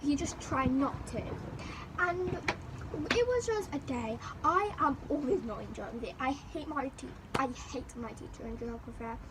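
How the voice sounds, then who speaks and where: A young woman vlogger telling a school story in a rambling, animated way, looping back over the same phrases. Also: high-pitched, moderate pace, background noise. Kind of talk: storytime chat.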